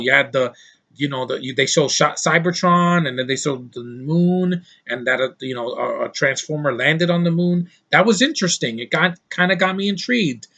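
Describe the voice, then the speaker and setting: A man's voice: on the high side, fairly bright tone. A man giving an exasperated, sarcastic film review, rambling and restarting as he complains. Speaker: movie reviewer. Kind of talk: ranting film review vlog.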